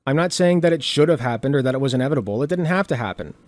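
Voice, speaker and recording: A man's voice: medium pitch, lively intonation, rapid-fire. A man giving earnest commentary, asking pointed rhetorical questions. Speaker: commentator in a played clip. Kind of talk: measured commentary.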